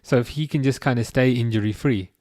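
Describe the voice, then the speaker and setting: A man in his thirties hosting a live football watchalong, chatting casually and reading out comments, with a halting, restarting way of talking. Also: mid-range voice, darkish tone, no echo, clean studio sound. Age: 30s. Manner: halting, many restarts, chuckles often.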